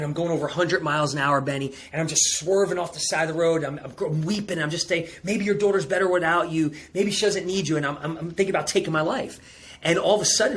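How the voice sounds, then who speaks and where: Intense storytelling coach, high-pitched man. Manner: intense, rising to near-shouting peaks, calls listener bro. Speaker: performance coach and guest. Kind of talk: emotional personal storytelling.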